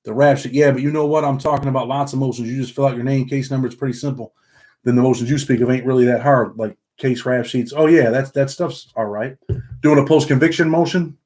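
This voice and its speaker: A man's voice: mid-range voice, steady tone, fast, a little mellow. A man from upstate New York with a Southern country twang, hosting a casual livestream, reading the chat aloud and tacking "man" onto the end of his sentences.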